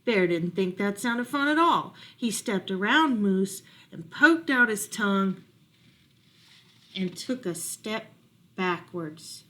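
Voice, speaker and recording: A woman librarian reading a picture book aloud to children, expressive and stopping to ask about the pictures. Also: medium pitch, takes it slowly.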